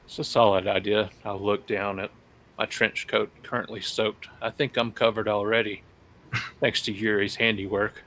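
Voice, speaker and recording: Low-voiced man playing a tabletop game. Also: flat delivery, moderate pace, a bit bright. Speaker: player.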